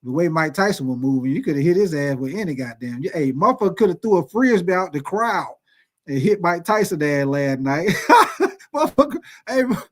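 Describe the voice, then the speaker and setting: High-voiced man ranting about sports. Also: fairly quick. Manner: profane, animated storytelling with lots of swearing. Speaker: sports video host. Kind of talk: casual sports commentary rant.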